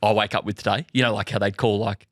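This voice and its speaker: A man with an Australian accent hosting a casual golf podcast, excitable and quick to laugh. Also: on the low side, dry recording, studio quality. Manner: excitable, laughs often, says he gets nervous. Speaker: podcast host. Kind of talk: casual chat.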